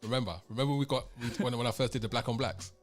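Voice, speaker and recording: A man's voice: medium pitch, steady tone, very fast, soft background music. A man hosting a casual radio chat, rambling with lots of fillers. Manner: rambling, full of "you know" fillers. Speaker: radio network founder and host.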